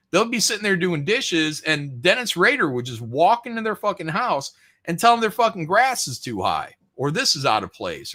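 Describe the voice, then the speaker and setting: A man rants on a podcast, swearing freely and mimicking the people he complains about. His voice sits a bit high and bright, with a sharp edge, and his pitch swings widely from line to line. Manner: profane, ranting, mocking voices. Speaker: podcast host. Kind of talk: casual rant on a podcast.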